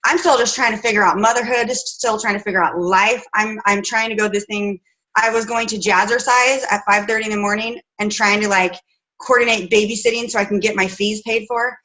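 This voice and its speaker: A woman's voice: mid-range voice, fairly even intonation, fairly quick, sharp tone, rough recording. A woman in her thirties, a fitness coach, telling her personal story at home in a chatty, rambling way with many fillers and restarts.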